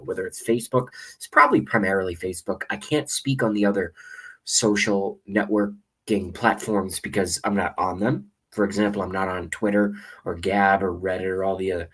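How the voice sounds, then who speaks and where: A man's voice: low voice, a bit bright, husky, rough recording. A man delivering a rambling, sarcastic and profane political rant to his webcam as a vlogger. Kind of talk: ranting monologue to camera.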